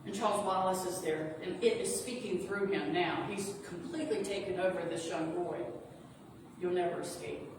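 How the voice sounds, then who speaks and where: A reverend speaks in a lowish voice at normal speed with hardly any pauses, sharing a story within her sermon in an earnest, reassuring tone. The audio is noisy and far off, echoing through the sanctuary of a spiritual center.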